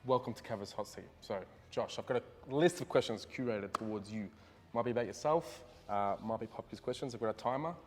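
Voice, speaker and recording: A man's voice: fairly low pitch, in a large hall. A man hosting a casual interview, running a timed quiz with short, laid-back replies. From Australia. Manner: quick, laid-back, lots of short affirmations. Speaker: host and quiz master.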